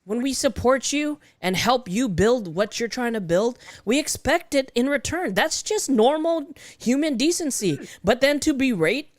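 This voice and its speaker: A podcast co-host reading viewer comments and venting frustration with some swearing. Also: male voice, extremely high pitch, expressive, a little slow, hardly any pauses, dry recording. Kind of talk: casual podcast chat.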